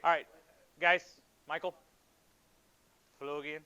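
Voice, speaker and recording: A male math teacher with a bright, fairly high voice leads a lively classroom lesson. He asks students questions and jokes with them between steps. The recording is dull and lo-fi. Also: takes it slowly, clean tone. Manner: playful, joking with students.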